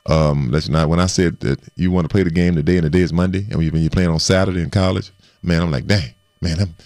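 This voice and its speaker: A man, a former football player, co-hosting a casual sports talk show and telling animated stories from his playing days. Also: low voice, fast talker, dry recording, clean studio sound. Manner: animated storyteller, acts out quotes.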